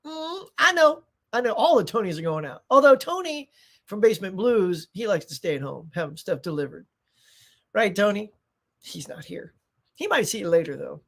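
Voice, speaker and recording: A man's voice: high-pitched, animated, moderate pace, gravelly. A middle-aged man hosting a live stream in casual chat, rambling, reading viewer comments aloud and tossing in playful asides. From United States.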